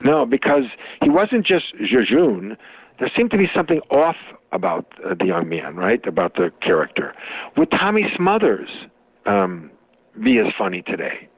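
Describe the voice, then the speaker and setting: Older Chicago man, low, tinny line. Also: huge pitch swings, normal speed, slightly rough, no echo. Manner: rambling, restarts often, storytelling jokes. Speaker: guest, comic and professor. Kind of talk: interview conversation.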